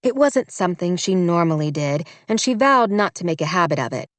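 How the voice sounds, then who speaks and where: A woman narrating a romance audiobook in a measured, wry storytelling manner. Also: fairly low pitch, animated, dry recording.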